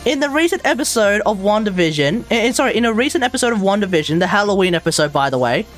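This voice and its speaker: A woman live streamer in casual chat, ranting in an animated way and laughing often. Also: medium pitch, quick pace, faint music behind.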